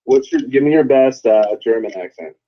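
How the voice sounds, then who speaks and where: Male co-host, average pitch, blunt and profane; slightly muffled recording. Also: animated, normal speed. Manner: blunt, heavy swearing. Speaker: podcast co-host. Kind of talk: casual wrestling podcast chat.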